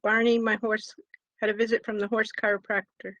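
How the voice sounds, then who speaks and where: A student in an online class speaks up with a chatty, apologetic manner. Mid-pitched, with a dry, close sound. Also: flat delivery, brisk, fairly bright tone, no room sound, poor audio. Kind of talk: casual chat.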